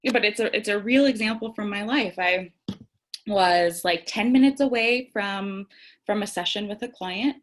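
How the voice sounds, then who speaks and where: A young woman talks through a spiritual lesson in a candid, conversational way. She moves between calm reflection and frank personal storytelling, with light self-mocking laughter and the odd casual curse. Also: medium pitch, normal speed. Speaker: tarot and self-care host. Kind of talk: reflective spiritual talk to camera.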